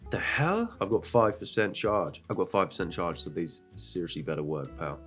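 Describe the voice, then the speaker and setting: A man talks over clips in a low voice, joking sarcastically and crudely. His delivery is loose and chatty, like a reaction host riffing into a desk mic. Faint guitar music plays quietly behind him. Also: sing-song, moderate pace. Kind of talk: casual reaction commentary. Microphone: desk microphone.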